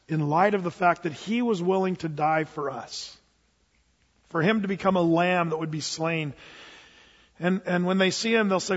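A man's voice: high-pitched, fairly even intonation, moderate pace. A man preaching a sermon, telling a story and acting out both sides of a dialogue. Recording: dull lo-fi sound with long hall reverb.

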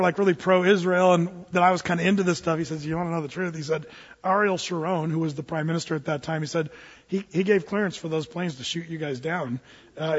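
A man's voice: high voice, husky. A middle-aged man telling a rambling personal story, full of fillers and restarts, acting out what people said. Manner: rambling, lots of fillers and restarts, acts out quotes. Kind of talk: anecdotal storytelling. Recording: dull, reverberant hall.

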